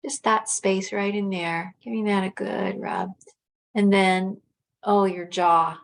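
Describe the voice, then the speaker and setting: A woman teaching a guided self-massage relaxation, speaking gently and unhurriedly with soft pauses and fillers. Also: medium pitch, steady tone, gravelly.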